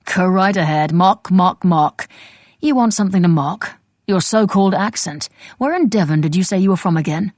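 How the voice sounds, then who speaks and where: A woman voicing an elegant, bitter gentleman with a clipped British accent who talks testily and wryly. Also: on the low side, a little slow, husky, no echo. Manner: clipped, testy, wry.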